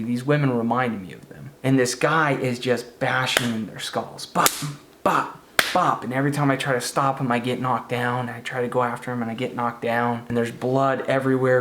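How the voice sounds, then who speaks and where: A man casually narrating a spooky true story, now and then acting out the voices of the people in it. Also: mid-range voice. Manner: casual, conversational, acts out quoted voices.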